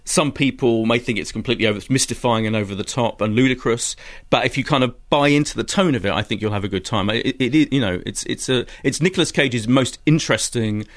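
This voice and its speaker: A man reviewing films on a radio show, giving quick, animated opinions with frequent restarts. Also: medium pitch. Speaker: film critic. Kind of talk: radio chart review chat.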